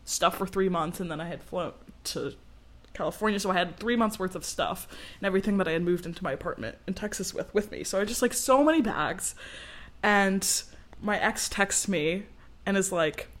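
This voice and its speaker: Brisk and mid-range in voice, this woman in her twenties co-hosts a podcast and recounts a story in relaxed conversation. She's lively, laughs a lot and performs the voices of those she quotes.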